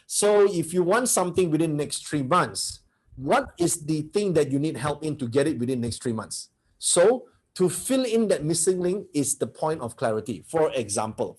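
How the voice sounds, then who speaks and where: A man's voice: a little high, animated, fairly quick, darkish tone. A man teaching a motivational seminar, blunt and brash, who keeps firing rhetorical questions at his audience.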